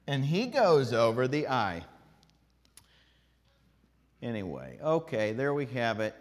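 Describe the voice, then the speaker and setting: A man teaching a group, animated, singing out drawn vowels to show how the pitch moves. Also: moderate pace. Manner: animated, demonstrates tones by singing out long vowels. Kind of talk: classroom lesson. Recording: long hall reverb.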